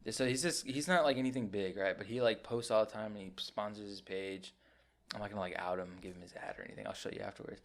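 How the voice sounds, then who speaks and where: Fast-talking low-voiced man. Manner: fast, animated, swearing, mocking. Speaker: podcast co-host. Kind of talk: casual chat.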